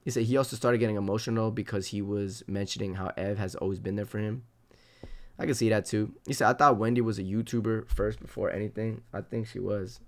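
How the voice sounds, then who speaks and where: A man live-streaming, reading chat comments aloud and reacting in a loose, animated way with plenty of swearing. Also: lowish voice, a little fast, a little hiss or hum.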